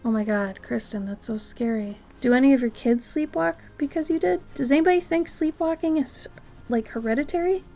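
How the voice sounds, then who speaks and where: Woman live-streamer, casual chat, slightly high pitch, slips between near-whispers and excited outbursts, light music bed. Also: a little fast. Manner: chatty, often drops to a soft near-whisper, bursts into excited loud exclamations. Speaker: artist streamer.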